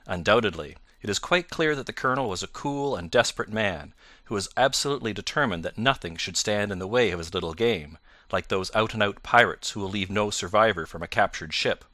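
A cool, incisive detective, read by a man in a storybook recording, speaking in measured, precise sentences. His voice sits fairly low with a bright, forceful edge, and the recording is close and dry. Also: animated, no echo. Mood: explaining. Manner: measured, precise, self-assured. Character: Sherlock Holmes, calm incisive male detective.

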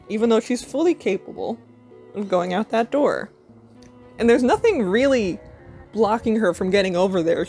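Woman vlogger, casual, talks to her pet in a playful scolding tone, mid-pitched voice, faint music underneath. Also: darkish tone.

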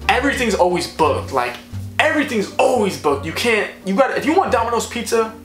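Brief: young male vlogger, fast and lively, rambling storyteller, roomy echo. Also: high-pitched. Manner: rambling, animated, filler-heavy. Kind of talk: storytime vlog. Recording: echoey room, faint music.

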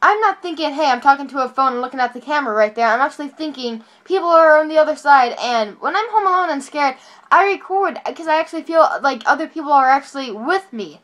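A high-pitched woman rambles excitedly to her phone camera while sitting on her bed at home. She tumbles over her words, stops mid-sentence and corrects herself, and keeps it chatty and casual like a homemade vlog. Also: fast talker. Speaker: vlogger.

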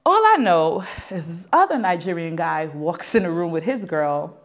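A young adult woman being interviewed, telling a long story in a lively way and acting out the people in it. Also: fairly low pitch, normal speed. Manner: animated, acts out quoted dialogue. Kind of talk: storytelling anecdote.

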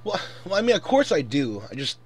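A man's voice: on the high side, big pitch swings, a little fast, slightly rough. A man in his twenties ranting angrily and profanely in a casual commentary. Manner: angry, profane, exasperated. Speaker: vlogger.

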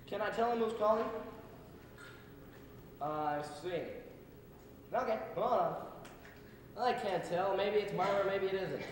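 A teen boy playing a flustered, high-voiced host. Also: a little slow, long pauses. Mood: hushed. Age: teens. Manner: exasperated, then hushed on the phone. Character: flustered middle-aged man fielding phone calls. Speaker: student actor in a school play. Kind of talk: amateur stage acting. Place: large school auditorium stage. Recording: echoey school auditorium from far off, noisy.

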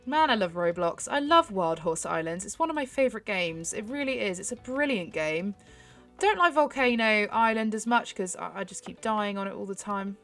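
A young woman chatting excitedly to her viewers while she plays a horse game, giggling often. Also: mid-range voice, moderate pace, soft background music. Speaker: gaming YouTuber. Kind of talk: casual gameplay commentary.

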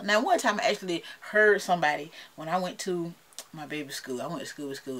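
A woman's voice: mid-range voice, lively intonation, fast talker, a bit bright. Woman vlogger, Southern accent, chatty and playful, talks straight to her viewers. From United States. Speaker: beauty vlogger. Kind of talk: casual chat to camera.

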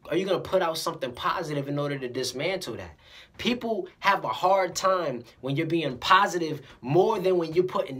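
A casual motivational vlogger speaking directly to viewers at a mid-range pitch. The delivery is animated and preachy, with stumbling repeats and little acted-out dialogues. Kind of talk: casual motivational talk to camera.

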